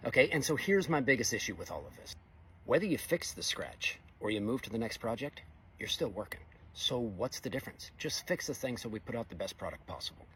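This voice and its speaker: A man's voice: mid-range voice, big pitch swings, brisk, fairly bright tone, slight background noise. A middle-aged man, a welder, giving a blunt, exasperated opinion monologue in casual speech. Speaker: fabricator welder.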